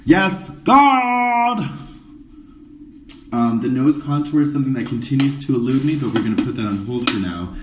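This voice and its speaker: A man's voice: mid-range voice, quick pace, hardly any pauses, dark tone, echoey room, far from the mic, slight background noise, poor audio. A man doing a drag makeup tutorial in a casual live stream, campy and sarcastic with rambling asides, in a dressing room before a show. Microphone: phone camera, a bit away.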